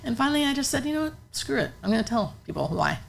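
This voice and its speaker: A woman's voice: on the high side, big pitch swings, rapid-fire, gravelly, slight background noise. A woman hospice nurse earnestly telling a personal story in conversation, emotional and full of fillers.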